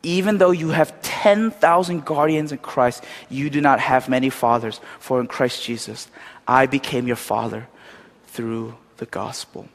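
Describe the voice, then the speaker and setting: A pastor giving a sermon in a storytelling way, animated, with many fillers. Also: male voice, mid-range voice, unhurried. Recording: long hall reverb.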